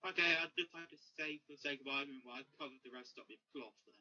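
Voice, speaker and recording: A man's voice: on the high side, racing, sharp tone, a little hiss or hum. A man playing a tabletop game, curious and full of rules questions. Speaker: player. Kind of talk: casual tabletop play. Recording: dull lo-fi recording.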